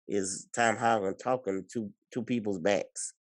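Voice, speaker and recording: Deep voiced guy cohosting a podcast, rambly, gets excited, dry close sound. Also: unhurried, no room sound. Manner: excitable, rambling with many restarts. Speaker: podcast co-host. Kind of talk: casual chat.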